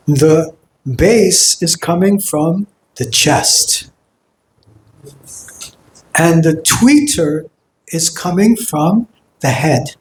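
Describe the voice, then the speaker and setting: A man's voice: high voice, a little hiss or hum. A man teaching a singing workshop to a group, demonstrating sounds with sung vowels. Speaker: kirtan teacher. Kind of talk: vocal workshop lecture. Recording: roomy hall echo.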